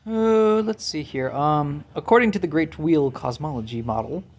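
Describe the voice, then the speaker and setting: A man's voice: fairly high pitch, lively intonation, normal speed. A young man co-hosting a casual podcast chat, jokey and loose, laughing often. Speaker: podcast co-host.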